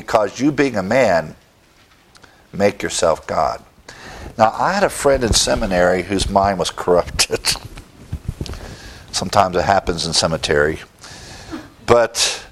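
Male preacher, middle-aged, low-pitched, emphatic Bible teaching. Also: vocal fry. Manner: emphatic, rises in pitch when stressing points. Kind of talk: sermon.

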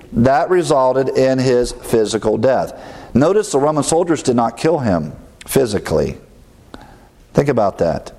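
A man's voice: medium pitch, darkish tone. A man preaching an expository Bible lesson, explaining Greek terms and asking questions he answers himself. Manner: asks rhetorical questions and answers them himself; explains Greek words, with filler pauses.

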